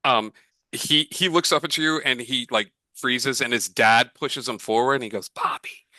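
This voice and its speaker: Game master, rambling narration, very bright dry voice. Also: male voice, mid-range voice, normal speed, no echo, poor audio. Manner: rambling, lots of fillers and restarts.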